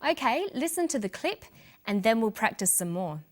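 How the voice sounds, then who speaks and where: A woman presenting an English lesson, reading example sentences and slowly stressing syllables for learners. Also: a little high, big pitch swings. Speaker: English language teacher. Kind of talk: scripted teaching narration.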